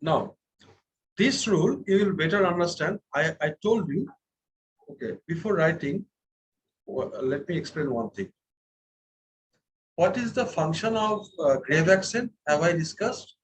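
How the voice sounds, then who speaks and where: A man's voice: on the high side, animated, measured pace, pauses often, rough recording. A man teaching a French class, patient, repeating words and checking that students follow. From India. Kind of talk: classroom lesson.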